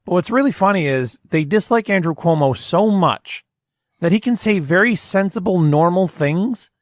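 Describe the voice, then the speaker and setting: A male podcast host chats loosely, often stopping and restarting his sentences. His voice sits a little high. The sound is dry and close. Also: expressive, moderate pace, dry recording. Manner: rambling, self-interrupting storyteller. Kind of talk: casual chat.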